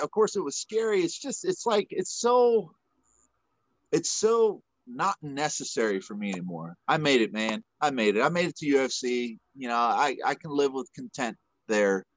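A retired male fighter, a podcast guest, telling a story in a rambling, animated way with lots of fillers. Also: on the high side, normal speed, no room sound. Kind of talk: casual storytelling. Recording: muffled dry podcast audio.

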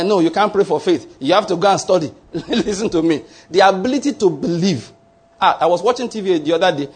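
A man's voice: sits high, darkish tone, husky. A middle-aged man preaching a sermon with emphasis, repeating his points and checking that listeners follow.

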